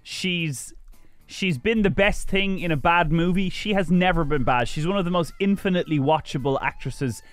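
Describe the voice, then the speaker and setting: Man, radio host, teasing and opinionated, slightly higher voice, dry studio with faint music. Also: normal speed, dry recording. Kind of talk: radio film review chat.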